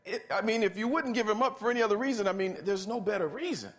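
A man preaching a sermon in church, with a somewhat high voice for a man. He talks emphatically, drawing answers from the congregation and hammering his point home through repetition. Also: quick pace, fairly bright tone. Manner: emphatic, asks the congregation to answer and repeats key phrases.

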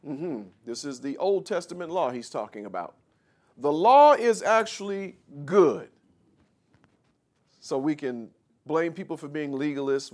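Man preaching with call-and-response. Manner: reads scripture slowly then explains, rising louder and higher. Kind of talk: sermon.

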